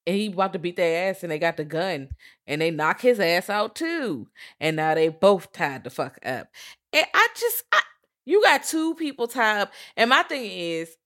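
A woman casually recapping a movie in a profane, animated way, acting out lines from the characters. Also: fairly low pitch, moderate pace. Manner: profane, animated retelling with acted-out quotes.

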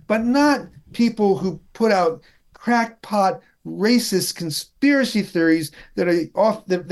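A man talking politics in a casual chat, wry and halting, with many restarts. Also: sits high, darkish tone.

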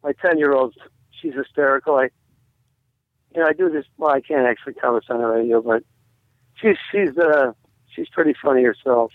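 A man's voice: medium pitch, brisk, pauses often, dry recording. A man, a comedian guest, telling a joke over a phone line and acting out its voices. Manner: animated storyteller who acts out the voices in his joke.

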